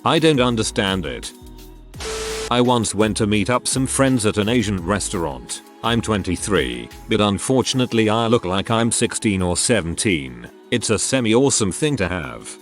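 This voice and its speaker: A man's voice: on the low side, lively intonation, normal speed. A man reading out internet stories as a scripted narration, in a matter-of-fact way. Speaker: narrator reading reddit posts. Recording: faint background music.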